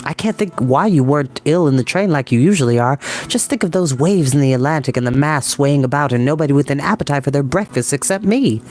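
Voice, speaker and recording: A man voicing a cheeky, know-it-all little boy in a read-aloud storybook, calm and matter-of-fact. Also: fairly high pitch, fast talker, few pauses, soft background music, close to an everyday voice.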